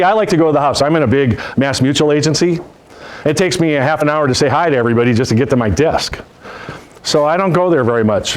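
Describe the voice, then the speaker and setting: A man's voice: a little high, rough recording. A man giving a motivational sales seminar to a live audience, telling folksy stories with jokes. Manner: folksy, joking, animated storytelling. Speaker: sales trainer.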